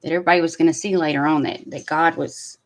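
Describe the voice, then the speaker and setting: A woman's voice: deep voice, fairly even intonation, fast talker. A woman hosting a casual commentary, talking in a chatty, drawling way with many fillers. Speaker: commentary host.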